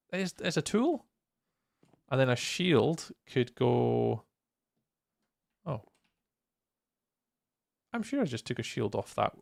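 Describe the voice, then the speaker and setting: A tired man chatting on a casual live stream, rambling along and greeting viewers by name. His voice is heavily gravelly with lots of vocal fry, and the sound is close and completely dry. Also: mid-range voice, darkish tone, no echo. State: tired, yawning. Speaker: livestreamer and server host. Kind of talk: casual live-stream chat while building in a game.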